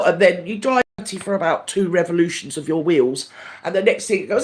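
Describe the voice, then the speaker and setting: A man's voice: high voice, normal speed, slight background noise. An older man hosting a live stream, chatting to viewers in a camp, gossipy way and calling everyone darling. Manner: lively and animated, swinging up and down. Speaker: livestream host. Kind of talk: casual chat with live viewers.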